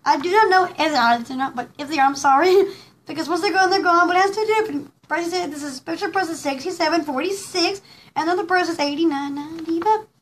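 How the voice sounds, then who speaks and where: A woman's voice: very high-pitched, fast, a little hiss or hum. A woman hosting a casual live pearl jewelry showcase, gushing and giggling, rambling with lots of fillers. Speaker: host showing pearl jewelry.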